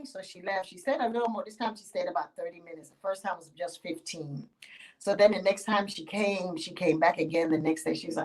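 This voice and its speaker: A woman spiritual teacher telling a sacred story aloud, animated and playful, stepping in and out of character voices. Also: on the low side, brisk, low-quality recording. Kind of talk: oral storytelling.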